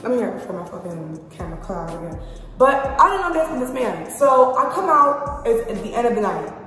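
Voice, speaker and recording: A young woman from Haiti telling a profane, animated storytime as a vlogger. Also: a little high, fairly quick. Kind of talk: storytime vlog. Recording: very echoey room with long reverb, faint music.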